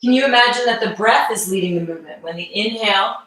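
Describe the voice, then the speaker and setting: Woman instructor calling out breath cues slow and calm, sounds far from the mic, lots of room echo. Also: mid-range voice. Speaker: mobility instructor. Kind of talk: live online movement class.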